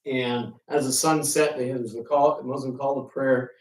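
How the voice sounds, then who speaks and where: A man with a medium-pitched voice and moderate pace, a ferry pilot and author, gives a storytelling talk to a room of listeners, animating his anecdotes by acting out quoted exchanges. The recording is distant and echoey.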